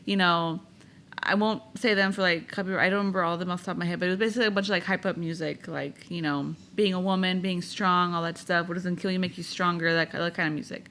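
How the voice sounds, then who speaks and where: Young woman, bright voice, podcast co-host, casual storytelling, candid, laughing. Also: on the low side, fairly even intonation, fast talker, slight background noise. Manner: chatty, candid, laughs while telling.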